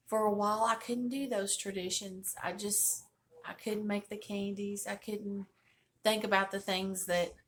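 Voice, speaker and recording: A woman's voice: mid-range voice, slight background noise. An older woman hosting a home cooking video, chatting in a folksy way from her table at home. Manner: folksy and chatty, churchy greetings. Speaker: host of a home cooking channel. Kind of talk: casual chat while cooking.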